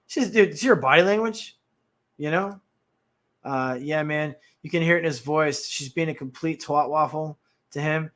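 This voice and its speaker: A man and former Marine hosting a casual livestream, reacting bluntly and with feeling to videos and chatting to his viewers. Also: on the high side. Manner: blunt, animated, talks straight to viewers.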